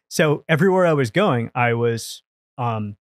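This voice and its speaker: A man's voice: mid-range voice, slow pace, dry recording, clean studio sound. A man from India, a podcast guest, telling stories animatedly in casual conversation, often restarting his sentences. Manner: animated storytelling with frequent restarts and swearing.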